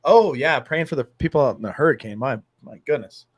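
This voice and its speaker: A man hosting a casual talk show, telling a story with lively acted-out dialogue. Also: mid-range voice, fairly quick, husky, dry recording. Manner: animated storyteller acting out dialogue. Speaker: host.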